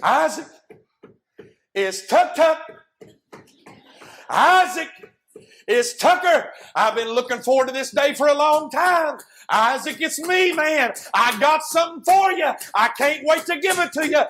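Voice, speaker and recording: A man voicing a loving young son who begs, raised and high, at a closed door. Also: lively intonation, measured pace, fairly bright tone, heavily acted. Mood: pleading. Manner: eager, begging, voice raised high.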